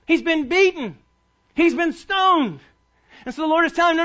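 A man's voice: very high-pitched, animated, moderate pace, long pauses, a bit bright, lo-fi sound. A man preaching a sermon as pastor, emphatic and urging his congregation to listen closely. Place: church sanctuary.

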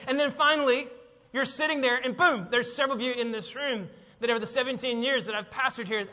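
A man preaching a sermon as pastor, swinging between loud calls and hushed low lines and asking the congregation to fill in words. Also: long reverb tail, lo-fi sound. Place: church sanctuary.

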